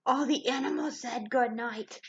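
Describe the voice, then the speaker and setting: A woman reading a picture book aloud to a child, animated and pointing things out with little gasps. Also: high-pitched, muffled recording. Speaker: storybook reader.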